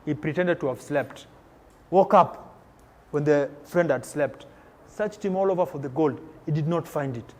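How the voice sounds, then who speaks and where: A man giving an energetic motivational talk to students in a school hall, leading call-and-response chants. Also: fairly high pitch, moderate pace, a little hiss or hum. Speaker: motivational speaker. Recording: reverberant hall with crowd.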